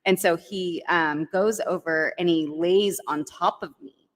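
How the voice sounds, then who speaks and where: Woman with a low voice rambling through a dating story, lots of like and right, reverby room. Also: a little slow. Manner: animated, heavy use of "like" and "right?". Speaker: guest storyteller. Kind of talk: casual storytelling on a dating podcast.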